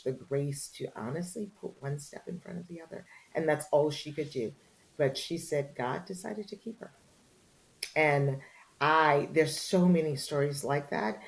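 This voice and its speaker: In a candid interview on a rough recording, a low-voiced middle-aged journalist and author spins an animated story. She performs the voices of the people she describes.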